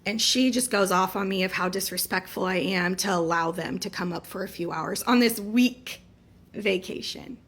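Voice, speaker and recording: A woman's voice: medium pitch, normal speed, a bit bright. A married woman telling a story about her family in an exasperated, venting way. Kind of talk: casual storytime.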